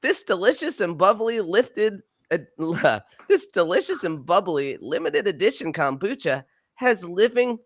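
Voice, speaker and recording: A carefree little boy at the beach, put on by a man, reading ad copy in a bubbly, sing-song way. The voice jumps high and bounces all over the place. The sound is close and dry. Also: sing-song, unhurried, no echo, exaggerated voice.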